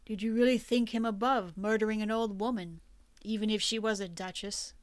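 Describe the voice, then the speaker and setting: A woman voicing a coldly calm male assassin. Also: mid-range voice, a little fast, dry recording, close to an everyday voice. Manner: calm, matter-of-fact menace.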